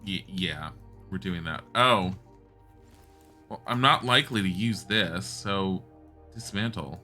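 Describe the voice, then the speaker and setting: A game streamer talks through his gameplay at a slow pace, chatty and blunt, thinking out loud and cursing now and then. His voice is slightly low yet bright and sharp-edged. Soft, light music runs underneath.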